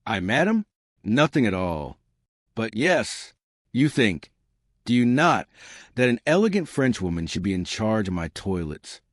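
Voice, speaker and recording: Polite shrewd detective, formal, probing, voiced by a man, low, dry. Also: sing-song, measured pace, no echo.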